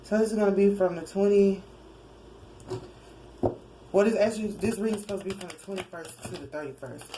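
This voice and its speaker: A woman's voice: medium pitch, brisk, long pauses, dark tone, slight background noise, rough recording. A woman giving a casual tarot reading, rambling and correcting herself as she goes, with little chuckling asides. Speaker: tarot card reader.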